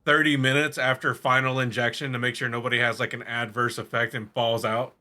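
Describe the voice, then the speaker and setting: Bright-voiced joking man. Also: medium pitch, level tone. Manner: joking, quick banter. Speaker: podcast co-host. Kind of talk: casual chat.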